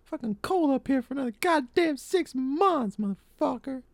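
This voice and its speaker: A man's voice: very high-pitched, expressive, moderate pace, vocal fry, no echo, voice pushed up, full character voice. A man doing an impression of a foul-mouthed, cranky older wrestling manager, ranting with constant profanity. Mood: angry. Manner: profane, grumbling rant.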